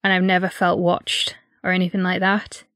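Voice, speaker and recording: A woman's voice: fairly low pitch, completely flat delivery, moderate pace, a bit bright, no echo, clean studio sound. A woman from England co-hosting a true-crime podcast, musing casually with many filler words. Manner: reflective, lots of 'like' fillers. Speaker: podcast co-host.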